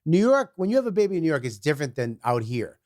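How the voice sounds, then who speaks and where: A comedian guest in casual podcast chat, telling stories in a profane, animated way. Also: male voice, fairly high pitch, fast talker, no room sound, clean studio sound.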